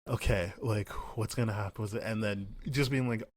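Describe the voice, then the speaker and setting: A young man talks casually with a low-pitched voice, recorded close and dry. He retells scenes with energy and slips into quick impressions of characters' lines. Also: dry recording. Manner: animated, acts out characters' lines in quick paraphrase. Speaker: podcast co-host. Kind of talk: casual chat.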